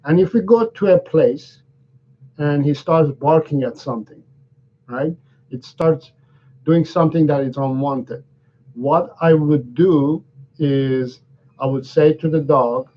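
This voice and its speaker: A man's voice: fairly high pitch, a little slow, dark tone, lo-fi sound. A man who works as a dog trainer, answering viewers' questions in a live lesson, often restarting sentences and checking that he is understood.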